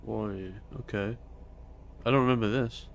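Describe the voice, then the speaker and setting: A man's voice: fairly low pitch, steady tone, slight background noise. A man streaming a casual reaction to a video, chatting and swearing between clips. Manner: chatty, swears, quick interjections.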